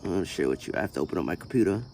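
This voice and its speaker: A man talks very fast in a low, dark voice with lively intonation, slight background noise audible. He's a channel host whose personal vlog wanders through his life story, groggy from the morning and thick with "you know" fillers.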